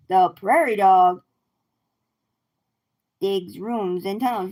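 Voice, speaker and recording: A woman reads a children's picture book aloud during a livestream. Her pitch sits in the middle range, and she takes each phrase slowly and clearly. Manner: slow, clear read-aloud with animal sounds. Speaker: host reading picture books to children.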